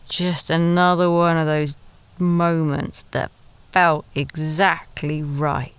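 Woman, storyteller, smooth voice, dry close sound, confiding and self-mocking. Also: sits low, a bit bright, no room sound. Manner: confiding, self-deprecating, chatty asides. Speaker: podcast storyteller. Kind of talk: first-person storytelling.

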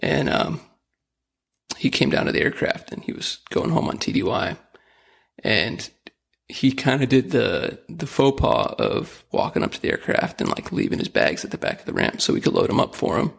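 A man's voice: medium pitch, huge pitch swings, normal speed, gravelly. A man hosting a podcast, telling his own story in a laid-back, wry way. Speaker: podcast host. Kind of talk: casual chat.

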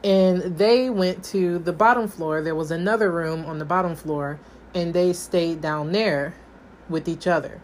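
A woman's voice: medium pitch, a little hiss or hum. Young woman telling a storytime vlog. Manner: animated storytelling, quoting her past self. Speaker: vlogger.

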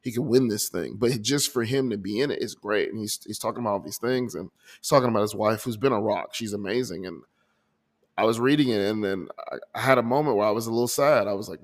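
Hosting his own podcast, a man with a fairly low, quick-paced voice talks earnestly and emotionally about his month into a desk microphone. He often restarts sentences and repeats words, and the piece plays as a reflective personal audio journal.

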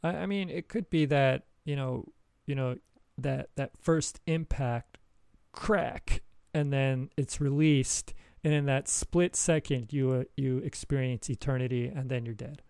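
A man's voice: mid-range voice, fairly even intonation, measured pace, creaky, hardly any pauses, dark tone, smooth, dry recording, clean studio sound. A man in his forties rambling through a casual podcast chat and laughing often while he tells stories. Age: 40s. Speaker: podcast co-host.

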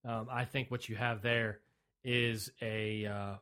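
A man's voice: on the low side, flat delivery, slow pace, pushed and bright, smooth. A man co-hosting a sports podcast in casual chat, blunt and opinionated, often restarting his sentences. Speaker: podcast co-host.

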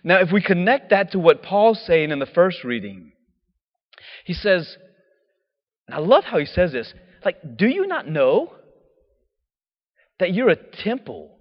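A man preaching a sermon in a lively, casual way, full of slang and acted-out quotes. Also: high-pitched, measured pace, big-room sound, lo-fi sound.

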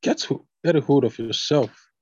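Man reading a stern army commander, blunt, scolding, husky, dull dry recording. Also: mid-range voice, normal speed, no echo, pitched above the performer's own voice, close to an everyday voice.

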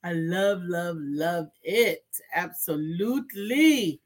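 A woman's voice: on the low side, animated, slow. A woman co-hosting a casual live show, reading out viewer comments in a chatty, affirming way. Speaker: co-host.

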